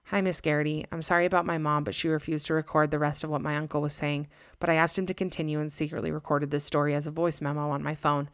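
Lady doing an earnest teary kid, pleading, kinda creaky voice. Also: deep voice, level tone, quick pace, few pauses, no echo, clean studio sound. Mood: tearful. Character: earnest tearful young girl.

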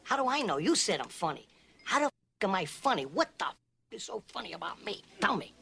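A volatile gangster from a crime film, pushing and swearing as he interrogates. His voice is bright and sharp, and its pitch jumps around a lot. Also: very animated, fast, gravelly, a little hiss or hum, full character voice. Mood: menacing. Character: hot-tempered male mobster, menacing and volatile. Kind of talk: film drama acting.

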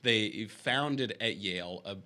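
A man's voice: lowish voice, takes it slowly, pushed and bright. A tired, hungover young man talking as a podcast guest with dry, self-deprecating wit. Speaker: podcast guest and fellow host. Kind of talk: casual banter.

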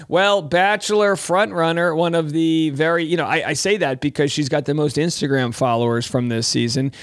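A man's voice: fairly high pitch, moderate pace, no room sound, clean studio sound. A man hosting a talk show, reading celebrity news aloud and breaking off with wry, jokey asides. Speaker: show host. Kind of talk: casual commentary reading news articles.

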